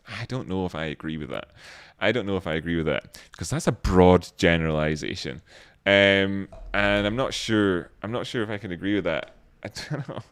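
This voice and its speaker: A man's voice: low-pitched, a bit bright, no room sound, studio quality. A man hosting a livestream, chatting casually in a rambling, joking way and reading out viewer comments. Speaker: livestream host.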